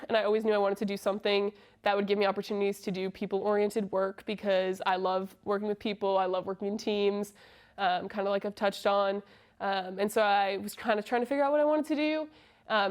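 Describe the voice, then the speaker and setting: A friendly college soccer player in her twenties from Massachusetts answers interview questions casually. Her pitch stays mostly level and flat, and she fills the gaps between thoughts with plenty of "um."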